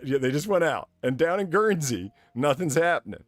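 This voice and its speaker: A man hosts a comedy news chat, reading the stories in a mock-formal tone. He keeps breaking into giggles and tripping over words, with a lively, swooping delivery. Faint music plays behind him. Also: a little high, moderate pace, dry recording. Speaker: podcast co-host.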